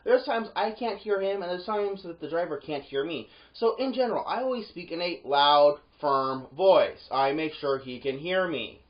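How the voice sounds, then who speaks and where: A security guard tells a workplace story in a loose, casual monologue. The pitch swings up when the story gets heated and drops low for the asides. The recording sounds dull and lo-fi. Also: expressive, fairly quick, hardly any pauses. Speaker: yard gate security guard.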